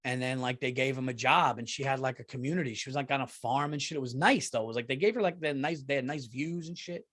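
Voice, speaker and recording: A middle-aged man hosting a solo comedy podcast, retelling a movie with profane, animated outrage that drops to mumbling asides. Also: mid-range voice, fast, few pauses. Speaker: podcast host.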